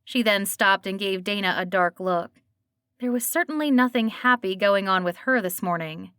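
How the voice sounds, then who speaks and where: A woman narrates a cozy mystery in an even, storytelling voice of middle pitch. The recording is dry and close with no room sound. Her reading is steady and clear. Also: moderate pace, no room sound. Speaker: audiobook narrator. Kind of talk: scripted narration.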